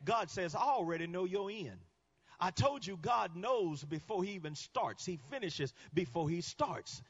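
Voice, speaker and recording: A male guest preacher delivering a sermon, swinging between quiet teaching and shouted climaxes. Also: high-pitched, lively intonation, normal speed, slightly rough, lo-fi sound.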